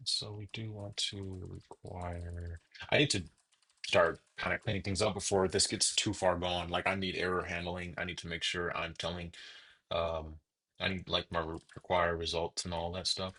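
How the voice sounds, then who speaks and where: Man, very low voice, bright sharp tone, mutters to himself while coding, swears, has the hiccups. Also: little pitch movement, moderate pace. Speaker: programmer streaming his coding. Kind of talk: casual coding commentary.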